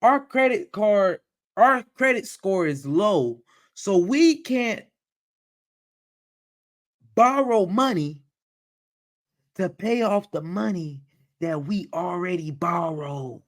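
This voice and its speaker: A man's voice: high voice, slow pace, pauses often. Exasperated man riffing on a livestream. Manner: animated, exasperated, repeats phrases, mocks quoted voices. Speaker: livestream host reacting to a video. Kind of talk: casual reaction commentary.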